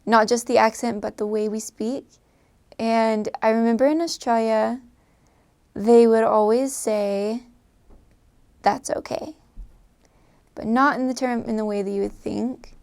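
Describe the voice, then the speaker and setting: Young female vlogger, casual storyteller, slightly high voice, lots of creak. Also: steady tone, normal speed, a little mellow. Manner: chatty, amused, often laughing. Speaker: vlogger recalling life abroad.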